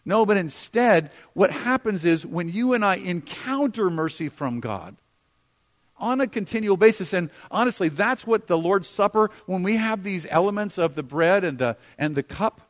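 A man's voice: sits high, expressive, normal speed. A man preaching a sermon as pastor, conversational with sudden emphatic lines.

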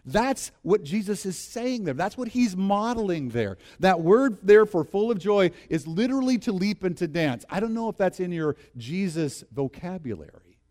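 A man preaching a sermon in an animated way, reading scripture with laughter and leading the congregation in repeating lines. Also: high-pitched, moderate pace. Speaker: pastor.

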